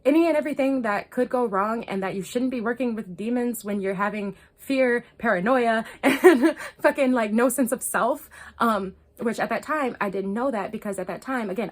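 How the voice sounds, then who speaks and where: A woman in a casual storytime vlog, talking straight to her viewers at a middling pitch. Her talk is loose and full of fillers and swearing. She laughs often and swings between hushed asides and excited bursts. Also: normal speed. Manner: loose, profane and chatty, full of "like" and "um". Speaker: spiritual vlogger.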